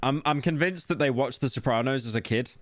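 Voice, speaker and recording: A British man streaming, reacting to a video with rambling, animated casual commentary, full of tangents and stammered restarts. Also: mid-range voice, brisk, no room sound. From England.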